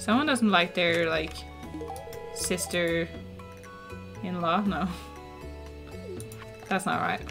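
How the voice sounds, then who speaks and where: A woman's voice: on the low side, slow pace, long pauses, over music. A woman, live-streaming a game in casual chat, reading dialogue aloud and poking fun at herself. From Norway. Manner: reads game dialogue aloud, chatty and self-deprecating.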